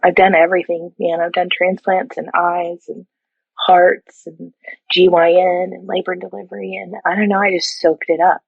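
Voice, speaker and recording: Husky middle-aged woman telling stories. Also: lowish voice, normal speed, no room sound, phone-quality sound. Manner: lively, laughing, acts out quotes. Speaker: surgical technologist and educator, guest. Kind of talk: animated storytelling in a podcast interview.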